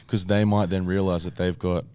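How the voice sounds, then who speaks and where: Low-voiced man hosting a podcast. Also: level tone, moderate pace, dark tone, clean tone. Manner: steering, asks long open questions. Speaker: podcast host. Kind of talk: casual podcast discussion. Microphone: headphones and studio mic.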